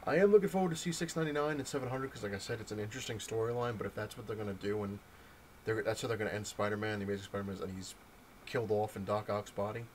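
A man's voice: fairly low pitch, very fast, slight background noise, rough recording. Rambling man reviewing comics. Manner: rambling, frequent ums and restarts, animated retelling. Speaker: comic book vlogger. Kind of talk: casual comic review talk.

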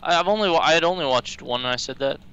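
Gravelly, bright young man gaming. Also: on the high side, racing, dull audio. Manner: stammering, easygoing. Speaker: co-player. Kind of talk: casual gaming chat.

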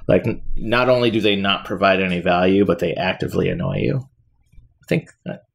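A man's voice: low voice, normal speed, gravelly. A man co-hosting a casual tech podcast, wry and jokey. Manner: wry, jokey, laughs often. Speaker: podcast co-host.

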